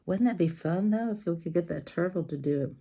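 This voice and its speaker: A woman's voice: fairly low pitch, brisk, warm tone. A woman, hosting a casual craft livestream, hyper and giggly, chatting while she works on a diamond painting. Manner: giggly, sings silly made-up songs, animal noises.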